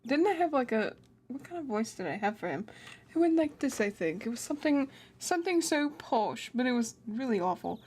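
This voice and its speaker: A woman's voice: fairly high pitch, big pitch swings, a little fast, darkish tone, husky. A woman streaming a game, giggly and self-deprecating as she reads the lines aloud. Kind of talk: let's play commentary.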